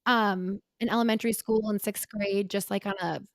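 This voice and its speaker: A woman in her twenties, a podcast co-host, talking candidly about her past in a halting, earnest way with many filler words. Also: mid-range voice, steady tone, no room sound. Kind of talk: candid personal conversation.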